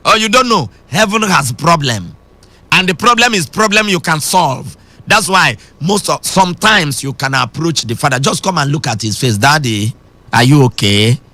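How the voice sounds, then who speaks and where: Bright, lively preacher man. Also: on the high side, moderate pace, no echo. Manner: emphatic preaching that swings between shouting and sing-song. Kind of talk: radio sermon.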